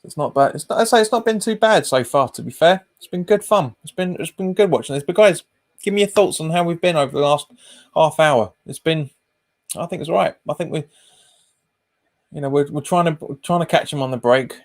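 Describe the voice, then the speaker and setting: Slightly high in pitch and fairly quick, this man is streaming a live watch-along of a football game, calling passes and reading the chat casually, with a habit of repeating himself.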